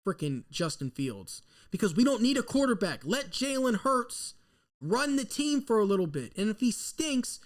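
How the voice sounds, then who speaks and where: A man, hosting a live draft reaction stream and rambling nervously as an excitable fan into a desk mic. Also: high-pitched. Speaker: sports fan host.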